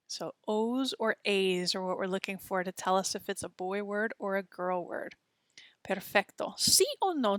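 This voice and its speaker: Woman teacher talking real slow for kids to repeat, dry close mic. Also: medium pitch, a bit bright, dry recording. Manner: slow, patient, drawn-out pronunciation for repeating. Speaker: Spanish teacher. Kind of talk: textbook audio lesson.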